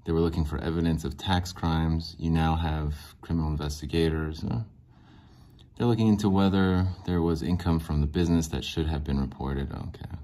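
Guy with a really low voice ranting on his podcast, sarcastic, rambly. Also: dark tone. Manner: rambling, sarcastic, fillers and restarts. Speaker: podcast host. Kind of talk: casual solo rant.

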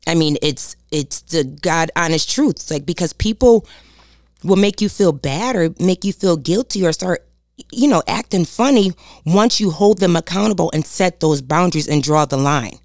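Low-voiced woman giving an emphatic pep talk. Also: lively intonation, normal speed, darkish tone, dry recording, studio quality. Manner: preachy, emphatic, repeats key phrases; addresses listeners directly as "y'all". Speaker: self-help speaker. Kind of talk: motivational talk.

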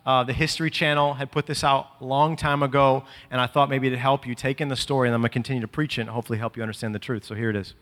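A man preaching a sermon, swinging from impassioned shouting to relaxed conversational asides. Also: mid-range voice, racing, few pauses, big-room sound.

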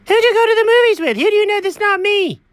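A performer voicing an excitable, chatty male house cat who frets aloud and bursts into dramatic outcries, in a one-person comedic audio story. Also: very high voice, fast talker, dry recording, pitched above the performer's own voice. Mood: nagging. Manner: talks to himself, frets, dramatic outbursts.

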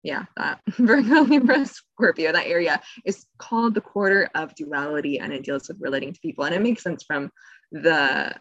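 A fairly low-pitched woman talks casually as a podcast co-host, chatty and quick to laugh, often wandering off on tangents. Her voice is close and dry, with almost no room sound around it. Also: fairly bright tone, no echo, highs cut off. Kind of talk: casual explanatory chat.

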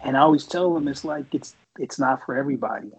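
A man's voice: mid-range voice, fast, vocal fry, husky, rough recording. A man from San Francisco telling profane boot camp stories in casual chat, rambling with like and you know.

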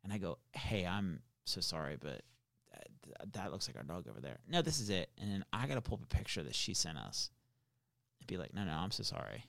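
A man telling a long story in casual, animated chat, swearing now and then. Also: deep voice, brisk, gravelly, no echo, clean studio sound.

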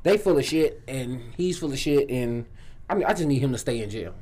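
A man with a Chicago accent in casual chat, telling stories in a profane, animated way with lots of restarts. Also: mid-range voice, brisk, slight background noise.

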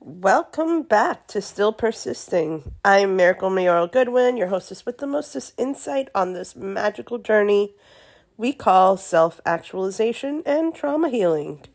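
A woman hosting a podcast alone, chatty with many fillers, her voice gravelly from being sick. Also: medium pitch, expressive, unhurried. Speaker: podcast host. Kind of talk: podcast monologue.

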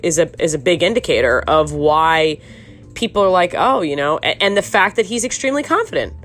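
A woman with a slightly low voice hosts a podcast, chatting casually through her take on a true-crime case. She is sarcastic and mocking and rambles with many restarts. She often laughs mid-sentence, with faint music underneath. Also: lively intonation, fairly quick, a bit bright. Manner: laughs often while talking. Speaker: podcast host.

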